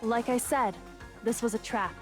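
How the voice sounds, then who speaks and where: A man reading game lines aloud as a calm young female detective, raising his voice a little. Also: extremely high pitch, moderate pace, voice pushed up. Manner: reading game dialogue aloud in a raised, composed voice. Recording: loud game music behind.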